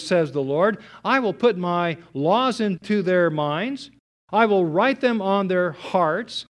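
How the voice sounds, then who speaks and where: Male preacher, high-pitched, emphatic expository sermon delivery. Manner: emphatic, reads scripture slowly.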